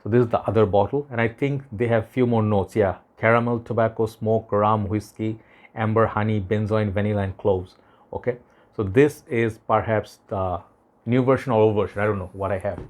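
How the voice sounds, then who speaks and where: A man's voice: on the low side, fairly even intonation, normal speed, darkish tone. A young man with a Bangladeshi English accent and a Bengali mother tongue, reviewing a perfume in a casual, rambling, earnest way, often tagging sentences with "okay?". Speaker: fragrance reviewer.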